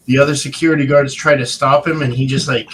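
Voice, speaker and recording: A man's voice: mid-range voice, little pitch movement, fast, a bit bright, rough recording. Man telling a story, faint hiss behind. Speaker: guest. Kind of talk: casual chat.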